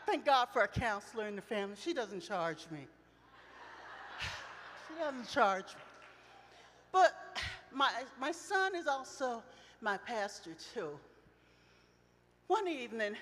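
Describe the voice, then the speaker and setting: A middle-aged woman preaches to a women's retreat with a high, bright voice, moving between loud emotional outcries and quiet reflection. She speaks slowly and deliberately. Her words ring out with the long reverb of a large hall. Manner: impassioned, swings between loud outcries and soft reflective lines. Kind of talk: emotional sermon with personal storytelling.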